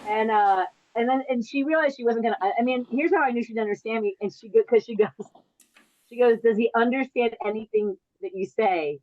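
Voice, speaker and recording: Woman comedian, stand-up set, rambling and self-interrupting, slightly high voice, dull dry home mic. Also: brisk, darkish tone, no room sound. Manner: rambling, self-interrupting, laughs at own jokes. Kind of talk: stand-up set on a virtual show.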